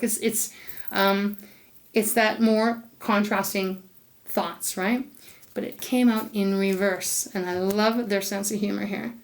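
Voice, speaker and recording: A woman's voice: mid-range voice, fairly even intonation, slow pace. Enthusiastic woman doing a tarot reading. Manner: chatty and enthusiastic, talks to spirit aloud, laughs often. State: occasional coughing. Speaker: tarot reader. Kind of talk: casual tarot card reading to camera.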